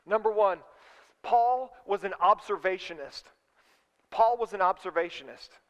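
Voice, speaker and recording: A middle-aged male pastor preaching a sermon, telling a lively story and acting out his own past voice. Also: sits high, unhurried. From California. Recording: long hall reverb.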